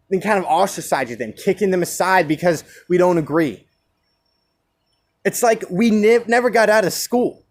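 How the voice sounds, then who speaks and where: A young man ranting alone about division and free speech, impassioned, firing rhetorical questions and restarting his phrases. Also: sits high. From United States. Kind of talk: solo rant.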